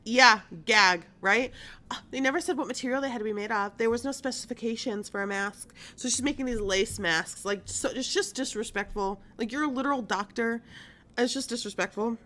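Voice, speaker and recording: A woman's voice: fairly high pitch, a little fast. A woman hosting a live-streamed news show, talking casually and animatedly with lots of fillers and laughs. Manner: chatty and animated, full of likes and laughs.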